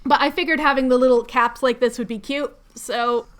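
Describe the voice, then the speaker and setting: Woman host, high voice, rambly self-deprecating craft-stream chatter. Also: fairly even intonation, brisk. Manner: chatty, rambling, laughing at herself. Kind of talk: casual livestream chat while crafting.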